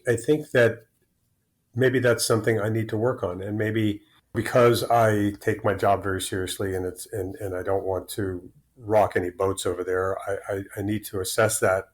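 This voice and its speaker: A man in his sixties, a podcast guest telling personal stories openly, often restarting and repeating words. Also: on the low side. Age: 60s. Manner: open, rambling, repeats words. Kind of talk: candid conversational storytelling.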